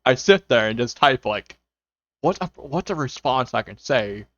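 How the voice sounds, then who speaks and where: Streaming casually from home, a young man rambles to his viewers, packing in fillers and quoting his own self-talk. His medium-pitched voice is expressive, fairly bright and at a normal speed, with a dry recording from a dull lo-fi mic and faint music.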